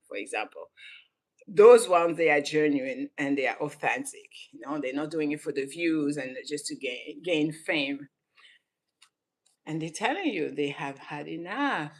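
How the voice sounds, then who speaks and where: A woman vlogger reacts casually to clips, breaking into frequent laughter between emphatic comments. She was born in Senegal and grew up in southern France, and her deep, expressive voice moves at a normal speed.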